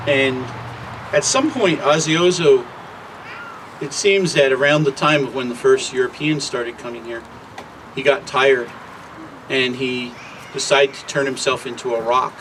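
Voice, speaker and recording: A man telling a traditional creation story at an unhurried, conversational pace, with occasional filler words, outdoors. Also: medium pitch. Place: outdoors near traffic. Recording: distant mic with loud traffic noise.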